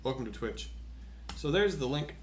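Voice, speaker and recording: A man's voice: mid-range voice, lively intonation, normal speed. A man reading poems aloud on a live stream and chatting casually with his viewers between them. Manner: reads poems aloud with playful rhythm, chats casually with viewers. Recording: roomy sound with faint background noise.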